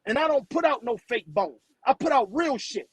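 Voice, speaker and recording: Man with a very high voice, live stream host, heated profane rant, dry close sound. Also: sing-song, normal speed, husky, dry recording, low-quality recording. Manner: profane, blunt, repeats words when riled.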